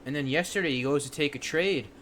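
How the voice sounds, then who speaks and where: A man's voice: fairly high pitch, quick pace. A young man hosts a trading stream in an easy, conversational way. He keeps stringing thoughts together with "you know" while a faint noise sits under the voice. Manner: relaxed, filler-heavy, lots of "you know". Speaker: livestream day-trading host. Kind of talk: casual chat.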